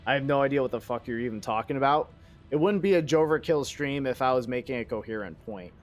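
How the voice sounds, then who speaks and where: A man's voice: medium pitch, expressive, fast talker, faint music behind. A man streaming a game live, rambling and joking in casual chat and swearing freely.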